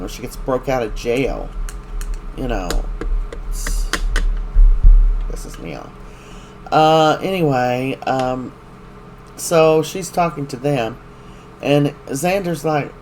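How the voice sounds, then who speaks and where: A man's voice: medium pitch, darkish tone, slight background noise. A man recapping a soap opera in casual chat, rambling and opinionated as he retells scenes.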